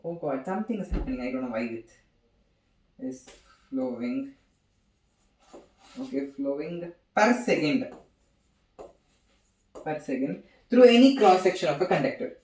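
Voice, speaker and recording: A young man gives an informal physics seminar, halting and repeating phrases as he writes. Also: fairly high pitch, expressive, darkish tone, far from the mic. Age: young adult. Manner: halting, repeats phrases while writing on a board. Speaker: student giving a physics seminar. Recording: echoey room, voice from off-mic.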